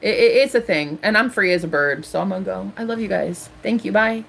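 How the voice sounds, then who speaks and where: A woman's voice: mid-range voice, fairly quick, vocal fry, hardly any pauses, fairly bright tone. Brief: woman, 30s, tarot streamer, heated defiant rant to chat. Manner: angry, ranting, defiant. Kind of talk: live stream monologue.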